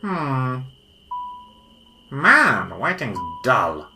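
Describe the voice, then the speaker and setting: A woman voicing an excitable male time-travelling weasel doctor in a hobby audio drama, theatrical and bossy. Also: a bass voice, extremely slow, background noise, full character voice. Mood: excited. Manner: theatrical, bossy, easily bored.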